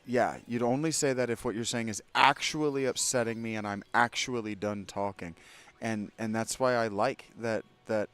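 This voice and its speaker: A man's voice: medium pitch, fairly bright tone, smooth. A man hosting a let's play, giving candid, opinionated gameplay commentary with rambling asides to his viewers.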